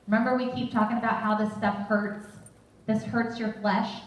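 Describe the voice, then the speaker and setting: A woman's voice: on the high side, little pitch movement, moderate pace, muffled recording. A woman giving a sermon-style Bible teaching, talking earnestly and conversationally. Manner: earnest, conversational, quotes scripture. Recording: very echoey room from far off.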